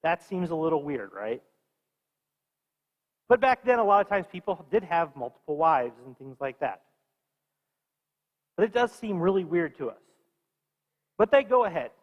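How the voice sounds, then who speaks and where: High-voiced man teaching a class. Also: big pitch swings, normal speed, pauses often, long reverb tail, highs cut off. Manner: conversational, quizzes the students. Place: church.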